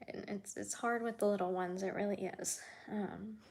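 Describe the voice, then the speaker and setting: A woman talks casually on a live stream, chatting with viewers and answering their comments. Her delivery is heartfelt and soft-spoken, and her voice often sinks to a near whisper. She sits in the middle range for pitch. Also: fairly even intonation, normal speed, creaky. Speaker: animal keeper and vlogger.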